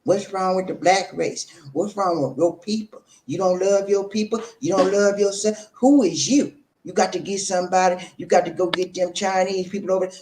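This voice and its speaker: A man's voice: sits high, moderate pace, darkish tone, reverberant, a little hiss or hum, voice pushed up, natural voice. Man playing a reproachful family elder. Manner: reproachful, questioning. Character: disapproving older family elder, lecturing.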